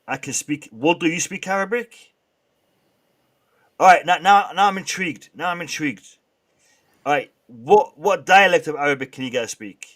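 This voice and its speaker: A man hosting a casual live stream, bantering with the chat in a lively way and often restarting his sentences. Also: on the high side, moderate pace, pauses often. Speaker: livestream host.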